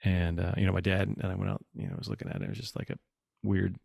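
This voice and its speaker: Casual podcast guest, man, gravelly and low, dry close mic. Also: quick pace, no room sound. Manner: animated storyteller, acts out quotes. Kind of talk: casual chat.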